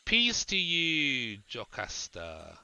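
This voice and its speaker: A man's voice: medium pitch, wildly swooping pitch, very slow, gravelly, pushed and bright, clear, resonant tone, pitched above the performer's own voice, full character voice. Man reading as an austere, solemn druid. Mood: greeting. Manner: solemn, curt. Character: austere but caring male druid.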